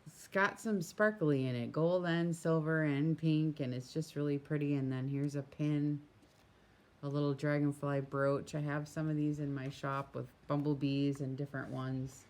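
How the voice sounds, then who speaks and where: A woman's voice: low-pitched, fairly even intonation, normal speed, a little mellow. A woman who runs a craft shop, casually chatting as she flips through a handmade journal, gushing and full of small asides, recorded outdoors in a breeze on a camera mic.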